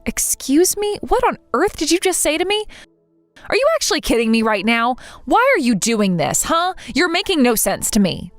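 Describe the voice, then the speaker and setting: An exasperated young bride, played by a woman speaks in a high, animated voice. She sounds demanding and indignant. The recording is dry and close-miked. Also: moderate pace, few pauses, no echo, soft background music. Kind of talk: text-message story voice acting.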